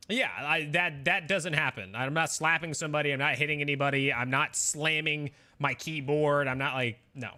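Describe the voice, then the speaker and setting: Young male streamer, casual and defensive, rambling with fillers; fairly high voice. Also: fairly even intonation, moderate pace, hardly any pauses, sharp tone. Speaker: game streamer. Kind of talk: casual chat with viewers.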